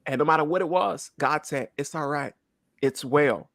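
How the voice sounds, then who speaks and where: A man in his thirties gives an emotional church testimony, earnest and close to tears, repeating phrases and often asking "right?" His voice is a little high and a bit bright, with vocal fry, at a normal speed. The recording has no room sound.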